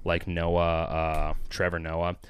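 A man's voice: low voice, completely flat delivery, slow, smooth, dry recording. A man co-hosting a podcast with brash, sarcastic, profane commentary in a studio. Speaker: podcast co-host. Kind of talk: casual comedic commentary.

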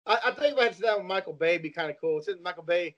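A man's voice: high-pitched, expressive, very fast, fairly bright tone, lo-fi sound. A man in casual podcast banter who talks hesitantly, with lots of "uh" and restarts, laughing along with his friends. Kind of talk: casual chat.

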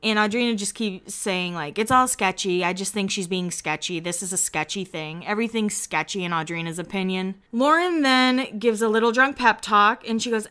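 A woman's voice: mid-range voice, normal speed, few pauses, pushed and bright, clear, resonant tone. A young woman recapping a reality show in a chatty way, laughing often and acting out quotes. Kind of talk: casual chat recap.

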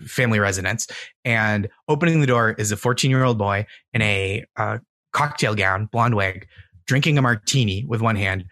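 A man's voice: lowish voice, fairly bright tone, no echo, clean studio sound. A man, a guest comedian, telling rambling stories in casual podcast chat, with lots of fillers and laughs. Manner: laid-back, rambling with many fillers and laughs.

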